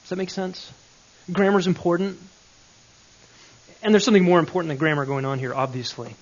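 A man's voice: high-pitched, fairly even intonation, brisk, dull audio. A man teaching a Bible grammar lesson, explaining step by step and checking in with questions.

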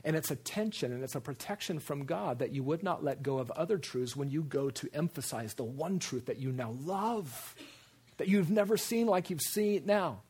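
A man preaching a sermon, animated, repeating phrases for emphasis and jumping into quoted voices. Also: fairly high pitch, moderate pace, husky.

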